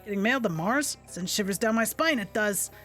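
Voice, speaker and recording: A woman voicing a rough, boastful male hunter who talks in blunt, dropped-grammar speech. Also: medium pitch, expressive, a little fast, fairly bright tone, faint music behind, lightly acted.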